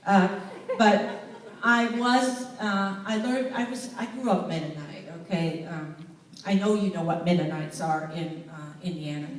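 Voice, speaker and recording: Southern-accented woman giving a talk to a crowd, kinda low voice, jokey storytelling, echoey hall and she's far from the mic. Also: a little slow. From United States. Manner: humorous storyteller, addresses the audience directly. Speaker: public speaker. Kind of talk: presentation to a live audience.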